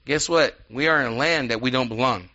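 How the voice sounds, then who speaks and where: Man preaching, lively and conversational, very bright, forceful voice. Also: mid-range voice, fairly quick. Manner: animated, conversational preaching with asides. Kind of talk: sermon. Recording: dull lo-fi sound.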